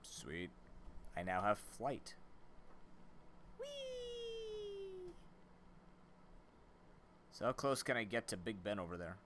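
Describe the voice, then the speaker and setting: A man streaming a video game, talking in a rambling, animated, self-mocking way. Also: sits low, moderate pace, noisy background. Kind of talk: casual let's-play commentary.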